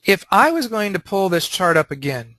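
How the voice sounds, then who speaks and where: A man leading a Christian teaching panel, talking in an animated way and acting out quotes. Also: high-pitched, normal speed, no echo.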